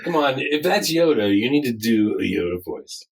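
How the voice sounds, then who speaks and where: A man's voice: medium pitch, very animated, normal speed, distant mic. A man co-hosting a film review podcast, chatting in an easygoing, agreeable way. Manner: easygoing, agreeable back-and-forth with fillers. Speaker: podcast co-host. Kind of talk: casual film review chat.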